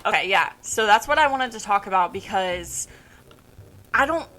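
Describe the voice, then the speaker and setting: A young woman co-hosting a podcast, telling retail stories in a lively casual way and swearing freely. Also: medium pitch, normal speed. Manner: animated storytelling, swears freely. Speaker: podcast co-host. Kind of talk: casual chat.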